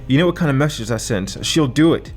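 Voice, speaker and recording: A man voicing a stern, commanding woman leader who speaks firmly and in measured tones in an audiobook. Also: medium pitch, animated, soft background music, natural voice. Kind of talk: audiobook character voice.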